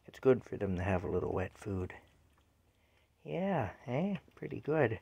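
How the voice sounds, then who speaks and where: Man, home phone video, slow fond cat talk, gravelly edge. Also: fairly low pitch, sing-song, mellow, dry recording, muffled recording. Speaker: cat owner filming his cat. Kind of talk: casual home vlog talking to a pet. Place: at home indoors.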